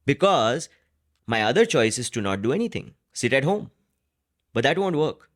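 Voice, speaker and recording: A man hosts a solo podcast and thinks aloud in an unscripted monologue. He wanders through his ideas, restarts phrases and checks in with a quick "right?" as he goes. His voice sits at an ordinary middle pitch. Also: very animated. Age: adult with a wife and a job in an office. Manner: thoughtful, rambling, with frequent restarts and "right?" tags. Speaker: podcast host.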